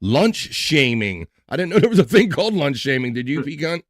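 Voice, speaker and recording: A man's voice: a little high, sing-song, fairly quick, no room sound, clean studio sound. A man hosting a casual live stream, loose and playful, breaking into silly voices and sung bits. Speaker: livestream host.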